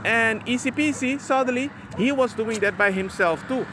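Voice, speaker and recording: A man's voice: very high voice, moderate pace, background noise. A father talking casually to the camera about raising his son, chatty and emphatic, and he calls the viewer bro. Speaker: father sharing parenting advice.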